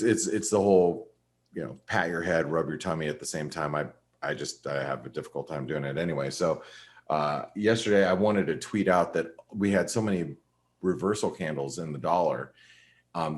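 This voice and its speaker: Deep-voiced man rambling through market talk. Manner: rambling, with frequent restarts and fillers. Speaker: webinar host and market analyst. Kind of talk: casual trading webinar talk.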